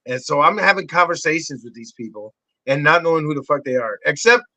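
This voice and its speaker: A man in his forties, a podcast guest telling wild stories with swearing and excitable energy. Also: brisk, no echo, poor audio. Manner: excitable, swearing, acts out voices in high shouts. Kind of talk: animated storytelling.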